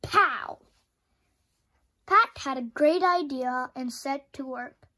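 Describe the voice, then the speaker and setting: A woman reading a children's picture book aloud, expressive, with shouted sound effects. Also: high voice, measured pace. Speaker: storyteller.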